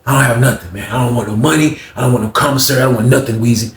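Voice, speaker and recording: A man voicing a fellow inmate who flatly refuses to share his stash, insistent and dismissive. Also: mid-range voice, rapid-fire, echoey room, natural voice.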